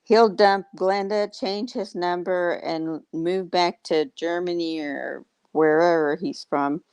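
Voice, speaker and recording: A woman's voice: lowish voice, steady tone, slow, a little mellow, clear, resonant tone, no room sound. A woman hosting a casual livestream, greeting viewers and chatting in a teasing, rambling way. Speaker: livestream host.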